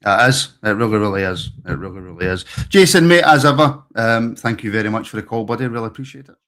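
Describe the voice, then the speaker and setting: A man's voice: fairly low pitch, lively intonation, fast, fairly bright tone. A Scottish man hosting a football phone-in, chatting in a friendly and agreeable way with callers. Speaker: phone-in host. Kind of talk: casual phone-in chat.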